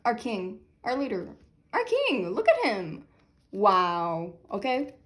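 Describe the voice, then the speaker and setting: A young woman filming an unboxing vlog, talking loudly and dramatically, laughing and half-crying over what she gets. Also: mid-range voice, animated, slow pace. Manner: loud, chaotic, dramatic reactions with laughing and fake crying. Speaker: vlogger unboxing albums.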